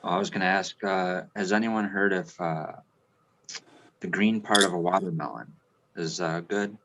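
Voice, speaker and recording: A man with a very deep voice speaks hesitantly, with a dry sense of humor. Faint background noise sits under his voice. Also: normal speed, fairly bright tone, highs cut off. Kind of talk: casual chat.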